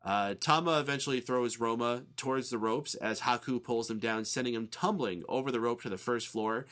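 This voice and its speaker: A man with a bright, forceful voice talks through a match recap in a relaxed, chatty way. He drops in quick asides and the odd swear word as he goes. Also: medium pitch. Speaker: podcast co-host recapping wrestling. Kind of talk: casual recap chat.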